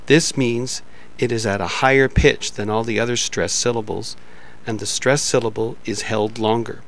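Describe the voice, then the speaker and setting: A man narrating a pronunciation lesson in a measured, explanatory reading style. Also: mid-range voice, fairly even intonation. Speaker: pronunciation instructor.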